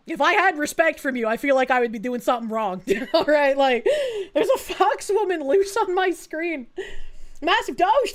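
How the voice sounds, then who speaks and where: Young woman streamer, high voice, foul-mouthed, animated casual chat, laughs a lot. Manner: swears a lot, laughs often, animated storytelling. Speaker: VTuber streamer.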